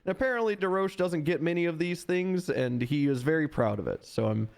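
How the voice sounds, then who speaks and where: A man's voice: fairly high pitch, brisk, gravelly. A man in an in-character roleplay conversation, telling what happened on a shift in an exasperated, profane way. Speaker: roleplay deputy recounting an incident.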